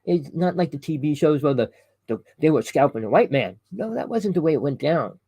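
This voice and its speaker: Ranting to his viewers on camera, a gravelly man speaks briskly with lively intonation in a dark-toned voice on the high side. The recording is dry and low-quality. He's an online conspiracy commentator who rambles preachily, frequently corrects himself, addresses "people," and asks rhetorical questions.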